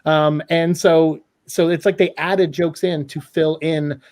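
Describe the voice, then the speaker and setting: Man guest ranting critically in a casual chat, voice a bit high for a man. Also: slow pace. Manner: animated, opinionated, critical. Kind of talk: casual podcast discussion.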